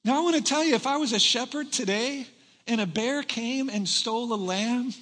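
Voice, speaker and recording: A man preaching a sermon in a church, animated and joking with the congregation as he goes. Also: very high-pitched, normal speed, long reverb tail. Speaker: pastor. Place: church hall.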